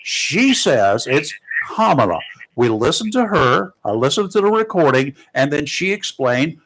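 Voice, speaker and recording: Lively-voiced joking radio host, a man. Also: on the high side, measured pace, slight background noise, poor audio. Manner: jovial, joking comebacks; stammering restarts. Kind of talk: call-in radio banter.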